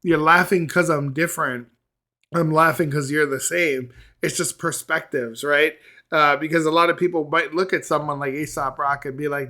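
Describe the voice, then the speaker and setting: A man hosting a music reaction video, talking casually and reacting with quick excitement between plays of the track. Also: fairly high pitch.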